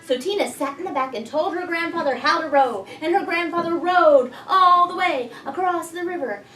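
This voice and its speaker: Casting: a high-voiced teacher doing an animated storybook read-aloud in an echoey classroom, miked from a distance. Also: female voice, normal speed. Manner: expressive storytelling, prompting children. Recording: echoey room, voice from far off.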